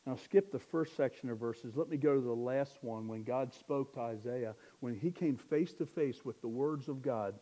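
A young man preaching a sermon, building to loud, impassioned exhortation. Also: medium pitch, normal speed, few pauses.

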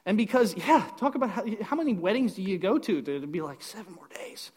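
A man retelling a Bible story in a casual, animated way, acting out the characters and tossing in joking asides. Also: high-pitched, fast talker, husky. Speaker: Bible teacher.

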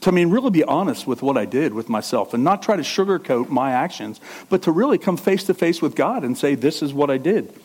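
A middle-aged male pastor giving a conversational sermon, dropping into low asides and rising into loud emphatic preaching. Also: animated, a little fast, hardly any pauses, husky.

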